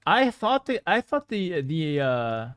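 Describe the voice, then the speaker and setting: A man's voice: on the high side, very animated, slow, a bit bright, no room sound. A young man, streaming and commenting on a game with cocky, joking banter toward his chat. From Canada. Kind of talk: casual live-stream gameplay commentary.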